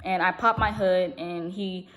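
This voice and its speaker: A young woman vlogger telling a long story in a casual, rambling way, talking fast and full of fillers. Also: lowish voice, fairly even intonation, fairly bright tone. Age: young adult. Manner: speaks fast.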